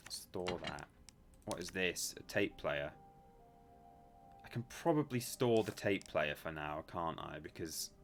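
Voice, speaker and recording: Joking streamer, low voice. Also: male voice, bright, forceful tone, a little hiss or hum. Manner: chatty, jokey, reads chat aloud with mock defensiveness. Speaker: livestream host. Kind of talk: casual live-stream chat.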